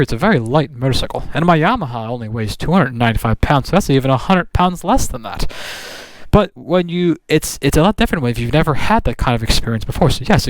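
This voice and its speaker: A man with a medium-pitched voice vlogs about motorcycles outdoors, riding or parked on his bike, with no room sound. His talk is casual and rambling, full of fillers and restarts.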